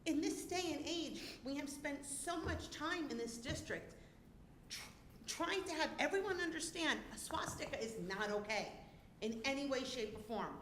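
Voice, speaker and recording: A woman's voice: high voice, expressive, normal speed, fairly bright tone, echoey room, slight background noise. A woman speaking as a parent at a school board meeting's public comment, upset and indignant, near tears, her voice climbing and cracking. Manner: emotional, indignant, voice rising and cracking.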